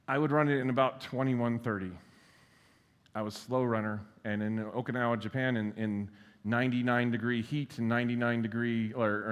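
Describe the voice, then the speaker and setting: Male keynote speaker, mid-range voice, relaxed and self-mocking, plenty of "um"s, long hall reverb. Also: medium pitch. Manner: casual and self-deprecating, with frequent fillers and blunt swearing. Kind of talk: conference keynote talk. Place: large conference hall.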